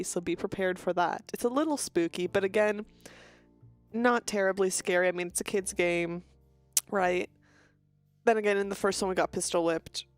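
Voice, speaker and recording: A young woman streamer with a stuffy nose, chatting casually and greeting viewers in a quick, bubbly way. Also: medium pitch. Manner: fast-talking, bubbly, frequent laughs.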